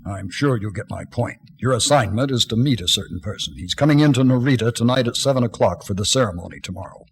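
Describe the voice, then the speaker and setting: A man's voice: mid-range voice, expressive, fast, slightly rough. An actor playing a male boss who hands out an assignment in a businesslike way in an anime dub.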